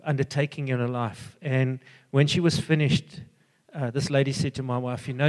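An older man giving an earnest, halting personal testimony full of fillers and restarts. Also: mid-range voice, in a large hall. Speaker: church member giving a testimony.

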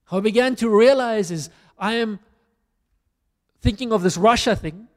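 High-voiced South African preacher in a hall. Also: male voice, normal speed. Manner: storytelling, self-deprecating and animated. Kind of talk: conversational sermon. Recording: reverberant hall.

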